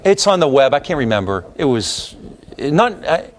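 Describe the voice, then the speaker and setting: A man giving a university history lecture in an animated, opinionated, conversational way, full of fillers and restarts. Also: a little high, normal speed. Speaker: history professor. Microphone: lecture hall recording.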